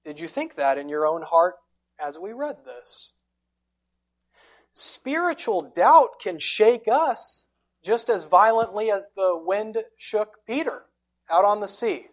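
A woman preaching a sermon, telling the story dramatically and swinging between loud, forceful lines and hushed ones. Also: mid-range voice, lively intonation, slow.

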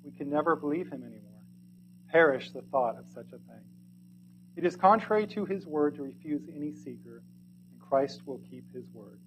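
A man reading a sermon aloud in archaic English, earnest and pleading, swinging from loud to hushed. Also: a little high, lively intonation, normal speed, slight background noise, low-quality recording.

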